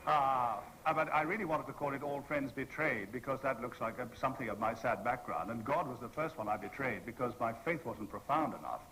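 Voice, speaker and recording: A man's voice: mid-range voice, fairly quick, few pauses, pushed and bright, slight background noise, poor audio. A man in his sixties telling stories on a convention panel, playful and theatrical, acting out the people he quotes. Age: 60s. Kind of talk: anecdotal storytelling to an audience. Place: convention hall panel with an audience.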